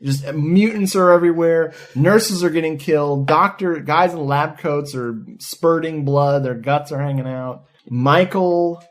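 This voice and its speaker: A man co-hosting a podcast, retelling a movie's plot in an excited, profane, casual way. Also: fairly high pitch, measured pace, few pauses. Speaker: podcast co-host. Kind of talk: casual movie review chat.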